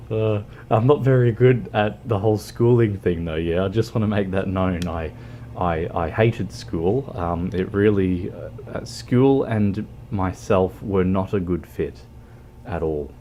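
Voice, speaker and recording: An Australian man chatting casually with viewers while streaming a game, halting and full of ums and restarts. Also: low-pitched, dark tone, dull audio, slight background noise. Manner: hesitant, many ums and restarts. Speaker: livestreamer. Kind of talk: casual chat while gaming.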